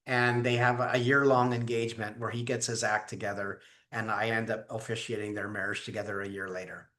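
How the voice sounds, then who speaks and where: A man's voice: on the low side, a little fast. Storytelling man in a roomy echo. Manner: animated, acts out voices in his stories. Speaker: guest leadership teacher. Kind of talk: conversational storytelling.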